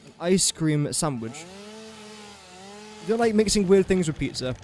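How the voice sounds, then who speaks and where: Rambling young man, slightly high voice. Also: expressive, unhurried, darkish tone, slight background noise. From England. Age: young adult. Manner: rambling, chatty and self-mocking while building. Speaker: streamer. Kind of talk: casual gaming livestream chat.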